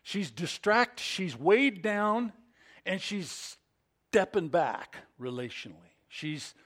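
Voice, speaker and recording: A male pastor delivering a sermon and acting out scripture scenes with lots of expression. He speaks slowly, and his pitch rises and falls widely. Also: very animated, a bit bright.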